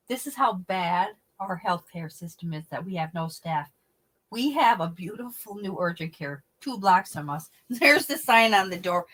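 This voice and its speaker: A middle-aged woman hosting a casual livestream, chatting with viewers and telling stories in an animated, blunt way with some swearing. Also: lowish voice, a little slow, low-quality recording. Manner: chatty, reads and answers viewer comments. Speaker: livestream host.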